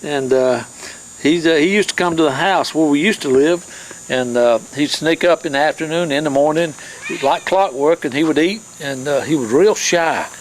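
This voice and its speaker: A man's voice: on the high side, moderate pace, slight background noise, poor audio. A man from the hosting a show on his farm, talking in a chatty, rambling way with many fillers and restarts. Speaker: host. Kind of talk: casual folksy chat.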